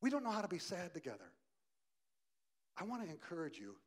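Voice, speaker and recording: A male pastor preaching a sermon, swinging from loud emphasis to quiet softness and asking the congregation direct questions. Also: high voice, wildly swooping pitch, brisk, husky.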